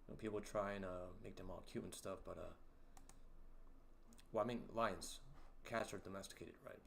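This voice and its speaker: A man hosting a casual livestream, talking slowly in a low-key way with lots of fillers that can come across as sarcastic. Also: fairly even intonation, gravelly, fairly bright tone, a little hiss or hum. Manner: slow, low-key talk with many fillers, sounds sarcastic. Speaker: livestream host.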